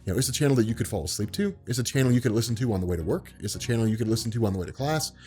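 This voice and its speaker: A man vlogging in a relaxed, unhurried way, with a voice that carries and commands attention, spoken from the diaphragm. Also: mid-range voice, soft background music. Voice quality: carrying, commanding voice. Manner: calm, laid-back, unhurried; speaks from the diaphragm. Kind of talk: relaxed talk to camera.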